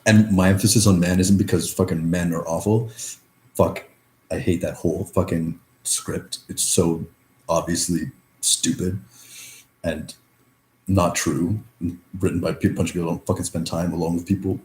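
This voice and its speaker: A man's voice: low voice, fairly even intonation, moderate pace, darkish tone. A young man in a reflective personal monologue, rambling through many fillers and swearing freely. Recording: echoey room.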